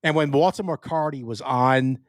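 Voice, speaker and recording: A man co-hosting a casual sports podcast with a New York accent, talking in an animated way with frequent swearing and restarts. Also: medium pitch, measured pace, dry recording, clean studio sound. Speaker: podcast co-host.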